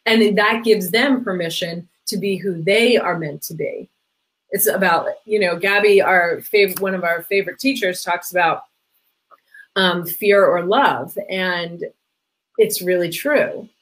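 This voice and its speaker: A woman's voice: fairly low pitch, unhurried, fairly bright tone, low-quality recording. Chatty middle-aged woman full of "like". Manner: chatty, many "like" fillers, acts out quoted voices. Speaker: podcast guest, parenting coach. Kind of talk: casual conversation.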